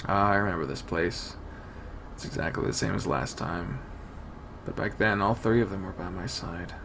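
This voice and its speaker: Guy reading a game story, low voice, animated, faint hiss behind. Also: moderate pace, gravelly. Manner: expressive, swings between soft and loud. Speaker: game let's-play host. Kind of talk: dramatic visual novel reading.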